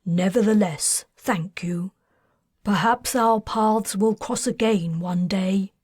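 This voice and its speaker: A woman voicing a courteous, formal adult man in an audiobook, speaking politely and softly. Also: mid-range voice, slow pace, husky, no room sound, clean studio sound. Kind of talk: audiobook character reading.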